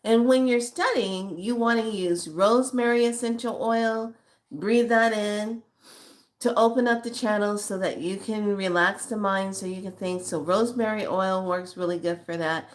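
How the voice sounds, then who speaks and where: Older lady on a spiritual livestream, talks to viewers like a teasing auntie, calls them honey, big swings up when she's excited. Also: mid-range voice, normal speed. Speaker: spiritual live-stream host. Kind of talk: casual live-stream chat reading viewer comments.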